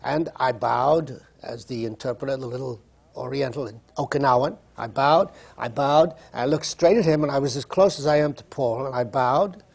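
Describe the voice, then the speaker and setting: A man's voice: mid-range voice, moderate pace, creaky, darkish tone, slightly rough. A man, a stage actor, telling amused stories on a panel, with frequent stumbling restarts.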